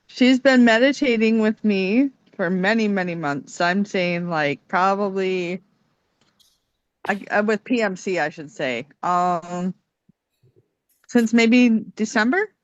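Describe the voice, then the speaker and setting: A young woman talks gently and calmly, laughing lightly as she shares a personal story on a video call. Her voice is smooth and resonant. The sound is dry and close, slightly dull, as from a phone camera. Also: mid-range voice, no room sound. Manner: calm, gentle, laughs often. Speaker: meditation participant sharing a story. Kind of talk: casual spoken testimony on a video call.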